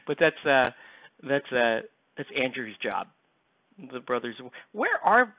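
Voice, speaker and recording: American guy streaming while he paints miniatures, rambling and joking with chat, with a lot of pitch movement, on a thin phone-like mic. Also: animated, normal speed, vocal fry, no echo. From United States. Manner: rambling, joking, talks straight to viewers. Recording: tinny, lo-fi, close dry mic.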